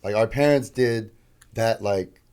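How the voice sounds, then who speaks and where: A man's voice: fairly low pitch, unhurried, a little mellow, clear, resonant tone. A man co-hosting a podcast, telling a story loosely in casual chat with a lot of filler "like"s. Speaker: podcast co-host.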